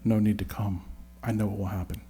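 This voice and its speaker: A man voicing a calm, confident Roman centurion, speaking low and quietly. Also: a little fast, slightly rough. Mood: assured.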